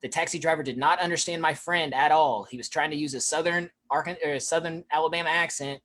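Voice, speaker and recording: Presenter, mid-pitched and hurried, informal with filler-heavy delivery. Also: fairly even intonation, a bit bright. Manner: rushed, with frequent fillers. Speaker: featured speaker. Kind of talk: presentation on accents.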